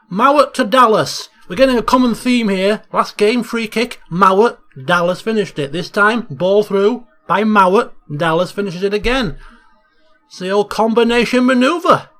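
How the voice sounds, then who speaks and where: A man casually commentating over a football management game he plays, chatty and excitable. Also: on the high side. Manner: chatty, bursts into excited shouting at goals. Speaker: Let's Play host.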